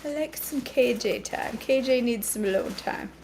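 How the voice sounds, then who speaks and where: A middle-aged cooking vlogger chats casually with viewers in her home kitchen, poking fun at herself and answering comments by name. Her voice is on the high side, gravelly and darkish, at a moderate pace, with slight background noise.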